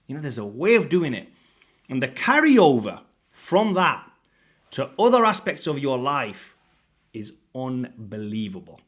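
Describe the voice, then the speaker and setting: Unhurried but blunt, this late-thirties British man speaks casually to camera as a fitness coach, swearing freely while his pitch and volume swing energetically.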